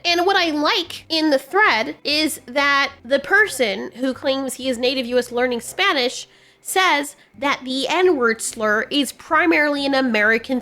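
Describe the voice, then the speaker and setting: A woman's voice: sits high, pushed and bright. A woman giving opinionated commentary on video games in a blunt, sarcastic way.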